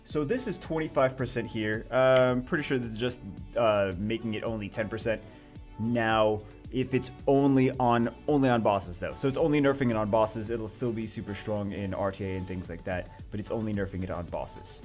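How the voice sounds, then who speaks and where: Excitable rambling man, casual game commentary. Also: on the low side, moderate pace, faint music behind. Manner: rambling, excitable, many restarts and fillers.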